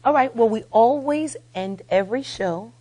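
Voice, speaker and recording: A woman's voice: a little high, lively intonation, normal speed. A woman in her forties hosting a talk show, telling a closing story in a dramatic, building way. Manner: dramatic, rising to near-shouting in the story. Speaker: show host. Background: soft guitar music.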